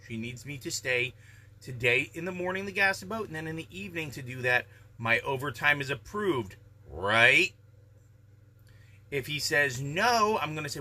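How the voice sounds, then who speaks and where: A man giving calm, measured, reflective life advice in a casual daily vlog monologue. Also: fairly high pitch.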